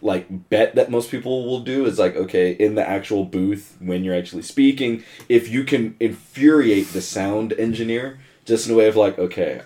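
A young man co-hosting a casual podcast, animated and quick to laugh, who does voice acting and slips into put-on deep voices. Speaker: podcast co-host, voice actor.

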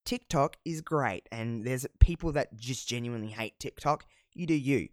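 A man's voice: mid-range voice, moderate pace, darkish tone, no echo, clean studio sound. A man in his twenties with an Australian accent, hosting a casual solo podcast in a rambling, candid way, with slang and the odd swear word. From South Australia. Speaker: podcast host.

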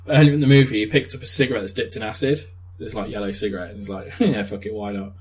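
A young man chatting casually, retelling a film with lively swearing and laughter. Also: on the low side, racing, rough recording. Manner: animated storytelling with swearing and laughs. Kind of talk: casual chat.

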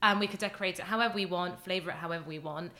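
A young woman guest telling a story in casual chat, animated and acting out the voices of others. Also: on the low side, very fast. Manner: animated, acts out quoted voices, talks in long excited runs. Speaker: guest, baking contestant.

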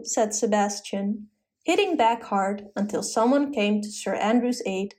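A woman telling a classic story as a steady, clear storybook narration. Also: medium pitch, unhurried.

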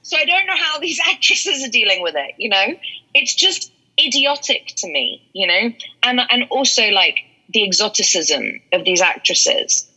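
Candid London actress, husky and bright. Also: female voice, a little high, sing-song, moderate pace. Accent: London English. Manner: candid, emphatic, laughs often. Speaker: actress and mentor. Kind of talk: casual interview talk. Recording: dull lo-fi audio.

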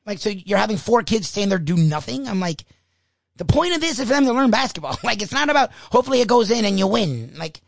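A young man hosts a talk-radio show and delivers an exasperated, animated rant, laughing as he goes. His voice sits high and carries a gravelly fry. The studio sound is close and dry. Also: fast talker, no room sound. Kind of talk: ranting talk-radio monologue.

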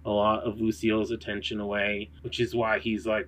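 Male podcast co-host, relaxed and chatty. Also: lowish voice, normal speed. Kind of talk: casual chat.

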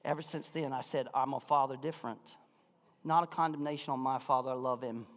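A man preaching a sermon as pastor, telling a personal story, moving between hushed reflection and loud excitement. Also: medium pitch, fairly quick, long reverb tail.

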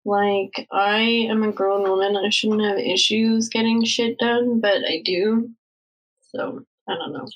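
A woman's voice: mid-range voice, level tone, a little slow, rough recording. A young woman co-hosting a podcast, rambling in casual chat, swearing and laughing often. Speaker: podcast co-host.

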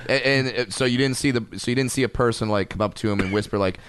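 A man's voice: medium pitch, fast talker, fairly bright tone, smooth, no echo. A man co-hosting a podcast, chiming in with short agreements and follow-up questions in casual chat. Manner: supportive, chimes in with short agreements. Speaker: podcast co-host. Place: podcast studio.

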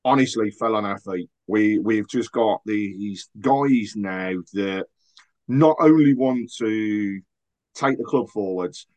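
A man's voice: lowish voice, slow, a little mellow. A man guesting on a football podcast, earnest and agreeable in casual chat.

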